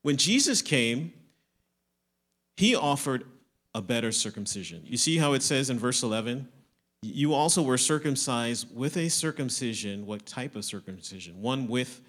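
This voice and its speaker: A man preaching a sermon, explaining scripture, asking questions and answering them himself, moving between emphatic lines and quieter ones. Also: mid-range voice, animated, normal speed. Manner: explanatory, asks and answers his own questions.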